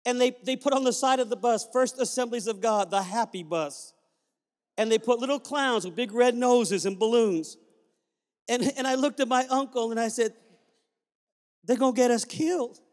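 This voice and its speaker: A man's voice: very high-pitched, normal speed. A man preaching a sermon as pastor, telling family stories with sudden joyful whoops. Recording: long reverb of a large hall.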